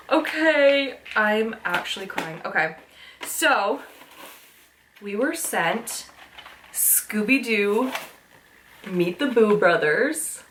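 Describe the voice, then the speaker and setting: A woman in her thirties chatting excitedly as she unboxes nostalgic items, gushing and gasping with delight and talking with plenty of fillers. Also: medium pitch, slight background noise. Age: 30s. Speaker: vlogger.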